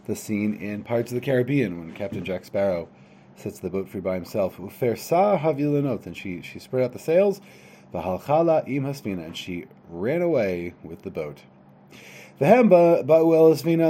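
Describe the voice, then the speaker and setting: A man's voice: fairly low pitch, warm tone, a little hiss or hum. A man reading a folktale aloud line by line and translating it casually, restarting phrases and adding asides. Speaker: storyteller. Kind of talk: reading a Hebrew tale aloud and translating it into English.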